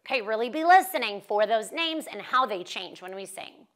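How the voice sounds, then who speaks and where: A young woman who teaches first grade, leading a children's phonics lesson with slow, clear and encouraging talk. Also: a little high, animated, fairly bright tone.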